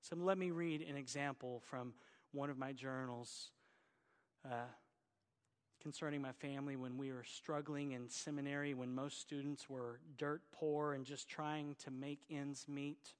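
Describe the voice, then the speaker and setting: Earnest Oklahoma pastor in a reverberant hall. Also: male voice, mid-range voice, steady tone, a little slow, smooth. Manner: earnest, exhorting, folksy asides. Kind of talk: sermon.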